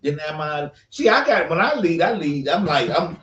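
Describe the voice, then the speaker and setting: A man's voice: a little high, big pitch swings, normal speed, a bit bright. A man co-hosting a casual podcast, talking in an emphatic, preachy way. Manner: preachy, emphatic, talks of leading by example. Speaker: podcast co-host. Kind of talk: casual opinion chat. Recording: echoey room, mic at a distance, dull sound.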